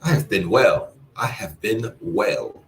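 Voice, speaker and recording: A man teaching a language class, encouraging his students and repeating phrases slowly for them to practice. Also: on the low side, animated, a bit bright, slight background noise. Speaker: Spanish teacher. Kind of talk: live online language class.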